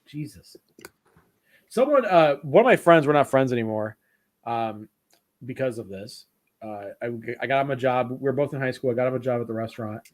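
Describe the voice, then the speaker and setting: A man's voice: mid-range voice, expressive, moderate pace. Swearing, rambling storyteller man. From Italian heritage. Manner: rambling storyteller, swears freely, acts out quotes. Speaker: podcast host. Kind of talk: casual chat.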